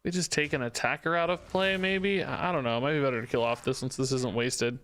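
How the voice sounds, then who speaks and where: A man's voice: mid-range voice, steady tone, quick pace, fairly bright tone, clean tone. A young man streaming a card game, chatting to his viewers in a loose, self-mocking way and laughing often. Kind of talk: casual gameplay commentary.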